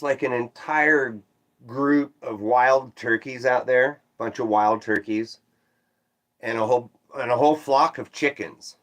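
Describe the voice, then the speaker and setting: A medium-pitched man on a livestream casually rambles through the story of a strange dream while reading chat aloud. His voice swoops up animatedly when he quotes himself, and he drops self-deprecating asides.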